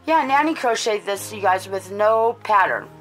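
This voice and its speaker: A woman's voice: mid-range voice, lively intonation, normal speed, faint music behind. A woman hosting a casual doll-collecting vlog, gushing and doting as she talks, with many fillers. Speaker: doll collector and channel host. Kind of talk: casual chatty unboxing vlog.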